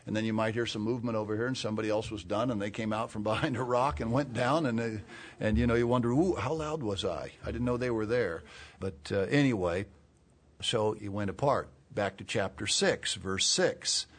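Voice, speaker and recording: A man preaching a sermon. He explains words slowly and clearly, then builds to urgent, emphatic calls. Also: fairly low pitch. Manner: expository, spells out Greek words, rises to urgent emphasis.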